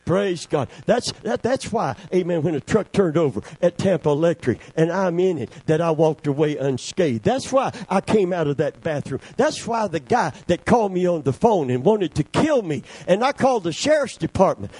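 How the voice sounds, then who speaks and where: A male pastor with a high-sitting, animated, husky voice preaches a sermon full of amens and calls of praise. He swings between loud declarations and hushed, slow passages, recorded with no echo.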